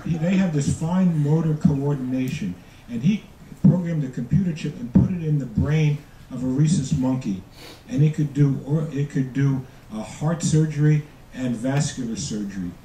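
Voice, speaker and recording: A man in his seventies performing a stand-up comedy routine with dry, self-deprecating jokes and a halting delivery full of restarts, to a live audience. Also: a little high, dark tone. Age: 70s. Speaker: student comedian. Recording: echoey room from far off, noisy. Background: audience laughter and room noise.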